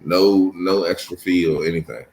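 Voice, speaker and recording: A man's voice: deep voice, fairly even intonation, moderate pace, darkish tone. A man chatting casually as co-host in a laid-back drawl. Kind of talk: casual chat. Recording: echoey room, faint noise.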